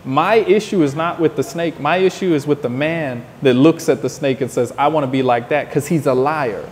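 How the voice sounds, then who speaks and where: A man's voice: a little high, moderate pace, in a large hall, a little hiss or hum. A man from the United States, interviewed outdoors, talking in a passionate, preachy monologue that keeps repeating its points. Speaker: interview guest.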